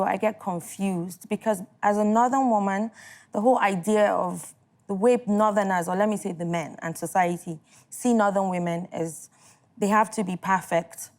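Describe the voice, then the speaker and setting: A woman's voice: mid-range voice, moderate pace, darkish tone. A young adult woman with a Nigerian accent, a TV host and producer, telling a story as a studio talk show guest and acting out what others said to her. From Northern Nigeria. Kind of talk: casual studio interview, storytelling.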